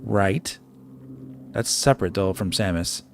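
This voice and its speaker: Low-voiced man chatting through a game stream. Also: unhurried, creaky, slight background noise. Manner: chatty, thinks aloud with fillers and restarts. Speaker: gaming streamer. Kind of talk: casual live playthrough commentary. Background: game music.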